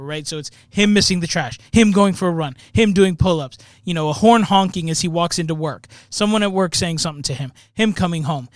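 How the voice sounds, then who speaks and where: A man's voice: high-pitched, no echo, clean studio sound. A man co-hosting a casual movie review podcast, rambling and often tagging his points with "right?". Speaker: podcast co-host.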